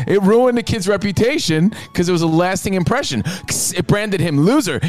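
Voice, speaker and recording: Excitable man co-hosting a radio talk show. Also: a little high, normal speed, no room sound. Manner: excitable, loud when acting out quotes. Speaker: co-host. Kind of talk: casual radio chat.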